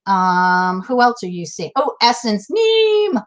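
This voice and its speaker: A woman's voice: medium pitch, a little slow. A woman hosting a casual live-stream chat, chatty and laughing as she greets viewers by name. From Massachusetts, USA. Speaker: host.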